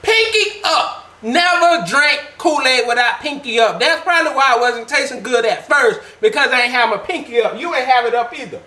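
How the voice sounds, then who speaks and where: A man's voice: very high-pitched, fairly quick, few pauses, sharp tone. A man making a casual, playful how-to vlog in his home kitchen, joking as he goes. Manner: playful, joking, laid-back. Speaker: vlogger. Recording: echoey room with faint background noise.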